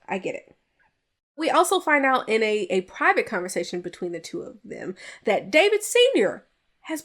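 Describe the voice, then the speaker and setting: A woman hosting a podcast, casually recapping a movie in a chatty, animated way with playful jabs. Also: medium pitch. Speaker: podcast host reviewing a film. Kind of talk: casual chat.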